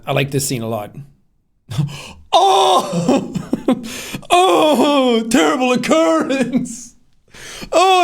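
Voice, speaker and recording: A man casually explaining how he made his short film, rambling with lots of fillers and frequent laughter. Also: on the high side. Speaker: creator commenting on his own short film. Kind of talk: casual behind-the-scenes commentary.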